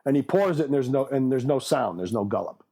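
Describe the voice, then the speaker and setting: A man's voice: mid-range voice, fast, husky. A man co-hosting a comedy podcast, animatedly retelling an old sitcom scene and acting out the characters' lines in exaggerated voices. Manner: animated storyteller, acts out quotes with exaggerated voices. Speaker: podcast co-host. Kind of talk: casual comedic chat.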